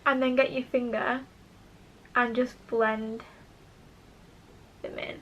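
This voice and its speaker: A young woman talks straight into her camera at home, chatting casually as she tries out make-up. Her voice sits high and bright, and she turns eager and self-mocking as she goes. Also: flat delivery, takes it slowly, lo-fi sound, slight background noise. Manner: chatty, self-deprecating, enthusiastic. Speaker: beauty vlogger. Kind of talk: casual make-up tutorial chat. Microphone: camera mic, talking to camera.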